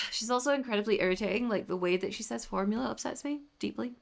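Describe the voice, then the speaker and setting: A woman's voice: a little high, fast talker, creaky. A young woman co-hosting a podcast in casual chat, laughing often and ranting in exasperation. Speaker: podcast co-host. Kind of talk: casual chat reviewing a film.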